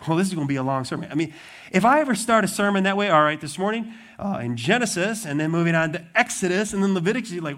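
A man's voice: sits high, brisk. A man preaching a sermon, telling the story with animation and acting out the lines of the people in it. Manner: animated storytelling, acts out voices of the disciples. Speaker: pastor.

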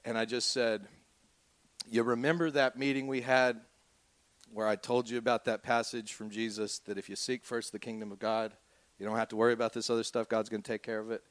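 A man's voice: mid-range voice, fairly quick, no echo. A man, telling a personal story as a pastor. His voice sits in an ordinary middle range, and he slips into other people's voices as he tells it. The recording is dry and close, with hardly any room sound. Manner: animated storyteller who acts out quoted voices.

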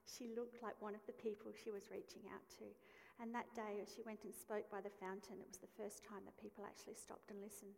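A woman's voice: mid-range voice, flat delivery, fairly quick, creaky, hardly any pauses, a little mellow, long reverb tail. A woman telling a story during a church service in a conversational way, with fillers and restarts. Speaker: church speaker. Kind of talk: storytelling sermon.

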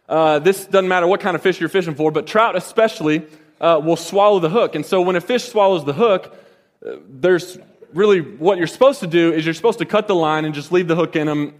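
Guy in his 30s rambling thru a story, kinda high voice, lots of reverb. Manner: rambling, many fillers and restarts. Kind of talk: casual personal anecdote. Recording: long echoing reverb.

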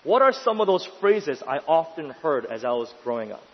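A man preaching a sermon with emphatic delivery, pushing his voice up into urgent questions and then dropping to a hush. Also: fairly high pitch, big pitch swings, moderate pace, husky. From New York City. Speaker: pastor. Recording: dull, lo-fi sound in a long-reverb hall.

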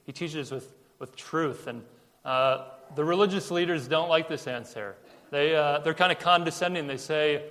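A man with a fairly high voice preaching in a church hall, where a long reverb trails behind his words. He tells the story casually, slipping into quoted voices and stumbling over repeated words. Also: normal speed, a bit bright. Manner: casual storytelling with acted-out quotes and frequent repetitions. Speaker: pastor. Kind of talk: sermon. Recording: long reverb of a large room.

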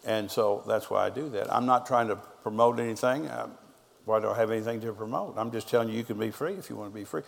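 A long reverb tail trails the fast, creaky, lowish voice of a middle-aged pastor giving a sermon. He tells stories and quotes people's words back and forth.

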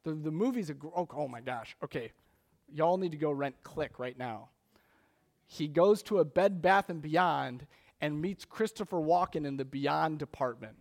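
A man preaching a sermon in a conversational, animated storytelling way, acting out little scenes as he goes. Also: on the high side, moderate pace, creaky. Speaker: pastor.

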